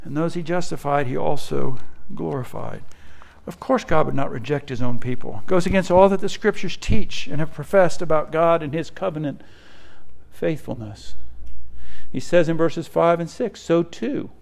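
A man's voice: fairly high pitch, moderate pace, creaky, a little mellow. A male pastor preaching a sermon, emphatic, often checking in with "right?" as he explains.

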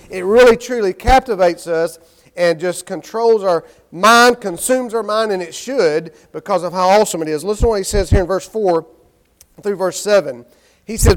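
High-voiced man preaching a sermon. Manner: preaching with frequent call-outs of "amen" and rising emphasis; prayerful and hushed while praying. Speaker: pastor.

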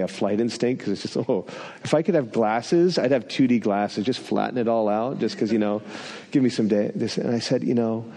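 A man's voice: medium pitch, gravelly, dark tone, long reverb tail. A man preaching a sermon, telling a personal story with self-deprecating humor.

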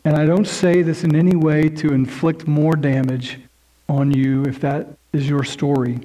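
A man's voice: a little high, flat delivery, moderate pace, warm tone, poor audio. A man preaching a sermon in an earnest, emphatic way, building points through lists and repetition. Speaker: pastor.

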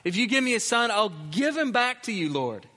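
A preacher acting out a heartbroken woman pleading with God, her voice lifted high and bright. A long church-hall reverb trails each phrase. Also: very animated, fairly quick, exaggerated voice. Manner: pleading, earnest. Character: grieving, desperate biblical woman praying.

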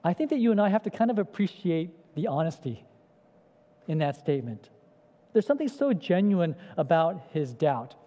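High-voiced pastor preaching in an echoey hall. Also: male voice, big pitch swings, moderate pace, dark tone. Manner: conversational, asks the congregation questions. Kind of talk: sermon. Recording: echoey hall, dull lo-fi sound.

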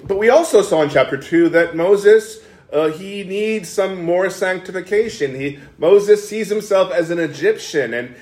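A male pastor delivers an expository sermon with a fairly high voice that swings up and down lively in pitch. He talks in an animated way, stumbling over restarts as he goes. The sound rings with the echo of a church hall. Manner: animated, acts out quoted speech with frequent restarts. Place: church sanctuary. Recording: echoey church room.

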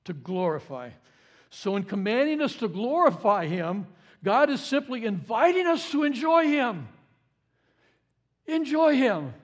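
A man preaching a sermon as pastor in a conversational way. He repeats key phrases for emphasis and swings between loud emphatic bursts and soft low asides. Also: big pitch swings, measured pace.

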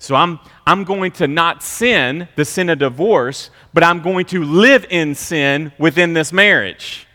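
Brief: male pastor, middle-aged, sermon; lightly raised pitch, swings from quiet asides to loud mock voices. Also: a little slow, few pauses. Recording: long hall reverb.

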